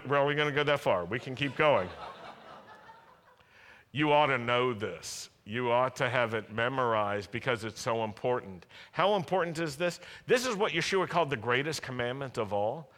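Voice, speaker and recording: Preaching in a large worship hall, a pastor with a mid-range voice urges the congregation to respond to him. He's animated and speaks at normal speed with a fairly bright tone, under long hall reverb.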